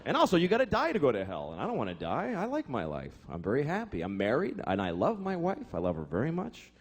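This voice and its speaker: A man's voice: mid-range voice, wildly swooping pitch, fast, slightly rough. A man doing a stand-up comedy routine, telling stories in a profane, exasperated way. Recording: live show with audience laughter. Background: crowd laughter.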